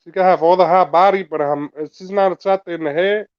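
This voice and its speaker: Laughing co-host on a dull, dry mic. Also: male voice, high voice, fairly even intonation, a little fast, clear, resonant tone, no echo. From the Bronx, New York. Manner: agreeable, laughs often, switches into Spanish. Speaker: podcast co-host. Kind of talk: casual chat.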